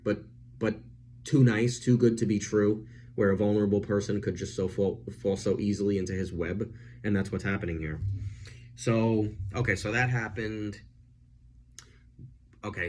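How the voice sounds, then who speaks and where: A man chatting casually as he reviews a film, animated and full of fillers. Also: fairly low pitch, slight background noise.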